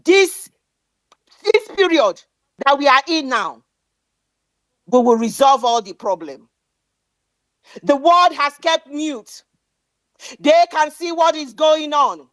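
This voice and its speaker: A woman's voice: high voice, animated, slow, long pauses, dry recording. A woman giving an impassioned political speech, defiant and declamatory, repeating lines for emphasis. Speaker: speaker at an online activist meeting.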